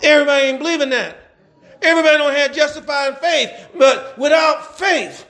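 A man with an unusually high voice preaching a sermon. He stretches out scripture lines, keeps checking in with the congregation, and slips into chuckling conversational asides between fervent stretches. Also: fairly bright tone. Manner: fervent, calls out to the congregation, drawn-out scripture reading.

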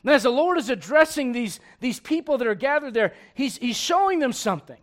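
A middle-aged male pastor delivers a sermon with humor and a chatty tone, jumping between loud outbursts and quiet lines. His voice is very high, highly animated, and fairly quick.

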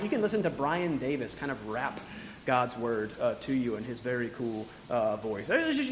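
A man preaching a sermon as pastor, earnest and exhorting, with quick asides and restarts. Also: sits high. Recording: long hall reverb.

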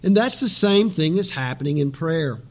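A middle-aged man preaching a sermon, telling stories with animated swings between quiet asides and loud pleading lines. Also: a little high, normal speed. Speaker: pastor.

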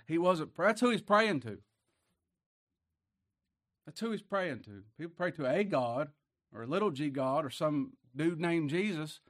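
An older man preaching a sermon, swinging from hushed words to loud emphatic passages. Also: on the high side, lively intonation, unhurried, long pauses, dry recording, clean studio sound. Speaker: pastor.

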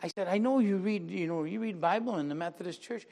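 A man's voice: high voice, quick pace, creaky, darkish tone. An older man, a pastor, preaching a sermon and telling a personal testimony, acting out the people he quotes in dialogue and rising into emphatic preaching.

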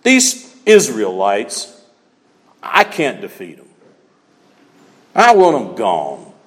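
A man's voice: medium pitch, huge pitch swings, extremely slow, voice pushed down, heavily acted. A man preaching, putting on the voice of a frustrated, demanding ancient king in a sermon retelling. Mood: scheming. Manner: exasperated, demanding. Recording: long hall reverb.

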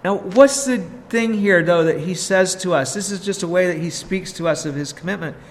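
Male preacher, high voice, earnest and emphatic, in a long-reverb hall. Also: slight background noise. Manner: slow, earnest, emphatic teaching with rhetorical questions. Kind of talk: sermon.

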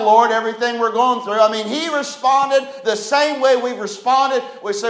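A pastor preaches in a notably high voice. He fires off rhetorical questions, dropping to near-hushed asides before rising into loud cries. The sound rings through a reverberant church room. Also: moderate pace, hardly any pauses. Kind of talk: sermon. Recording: echoey room.

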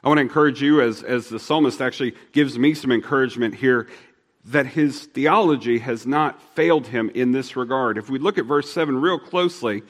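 A man at middle pitch preaching a sermon in an earnest way. He speeds up and then slows down, dropping to a quiet voice to press a point home. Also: big-room sound. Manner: earnest, shifts between fast and slow, drops soft for emphasis. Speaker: pastor.

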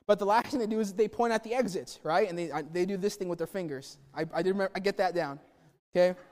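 A man's voice: high voice, quick pace, darkish tone. A man preaching a sermon in a conversational, chatty way with humorous asides. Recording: long reverb of a hall.

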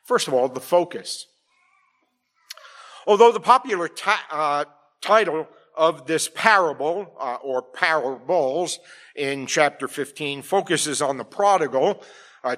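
Middle-aged male pastor, slightly high voice, emphatic sermon delivery with frequent rhetorical check-ins. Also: a bit bright.

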